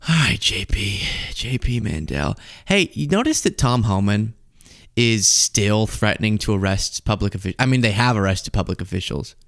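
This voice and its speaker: A man's voice: lowish voice, lively intonation, normal speed, creaky, fairly bright tone. A man hosting a political commentary show, talking casually and sarcastically and laughing often.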